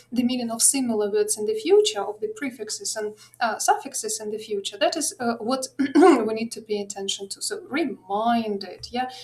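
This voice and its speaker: A woman's voice: on the high side, a little mellow. A middle-aged woman with a Ukrainian accent, presenting an online teaching webinar in a hesitant way, full of fillers and restarts.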